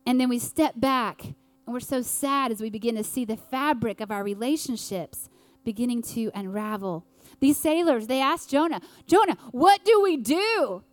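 A woman preaching an earnest sermon with dramatic pauses. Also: on the high side, no echo.

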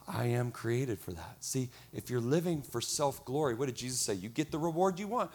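A middle-aged man preaching a lively sermon, acting out quoted voices. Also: medium pitch, normal speed, few pauses. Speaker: pastor.

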